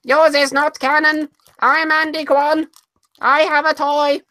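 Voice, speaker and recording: Someone putting on a high babyish boasting voice. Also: flat delivery, measured pace, bright, forceful tone, no room sound. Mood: mocking. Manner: taunting, childish sing-song. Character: babyish mocking impression of a boastful young man. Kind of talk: mocking impression in casual chat.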